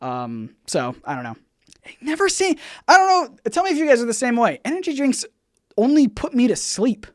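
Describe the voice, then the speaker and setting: A man hosting a casual livestream Q&A, rambling and halting, full of fillers and restarts, with his volume bouncing up and down. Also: extremely high pitch, very animated, no echo, studio quality. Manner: swings in loudness, bouncy. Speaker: YouTube channel host.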